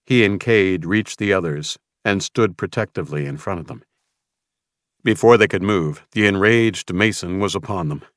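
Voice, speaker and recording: A man's voice: sits low, normal speed, no room sound, clean studio sound. A man narrating a tense audiobook in a dramatic storytelling manner.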